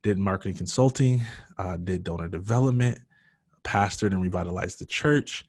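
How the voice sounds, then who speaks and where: A man with a very low voice tells his own story as a podcast guest, earnest and emotional. The sound is dry and close, with no room around it. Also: normal speed, a little mellow, no echo. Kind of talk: personal storytelling in a podcast interview.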